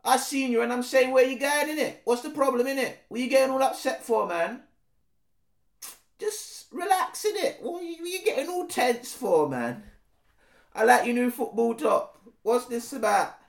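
A man voicing a pushy young street lad who talks loud, with slang tags on every line, recorded in an echoey room. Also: extremely high pitch, lively intonation, normal speed, creaky, pitched above the performer's own voice, full character voice. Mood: brash. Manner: loud, slangy, ends lines with "innit".

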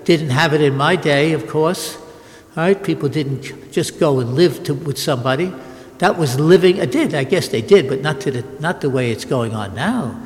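A man's voice: a little high, normal speed. Older male priest preaching in a reverberant church. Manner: emphatic, repetitive preaching with frequent restarts. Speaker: Catholic priest. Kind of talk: sermon.

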